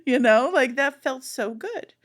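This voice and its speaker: A woman co-hosting a podcast, telling a long story in casual chat, animated and rambling with many fillers. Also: high voice, a little slow. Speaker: podcast co-host.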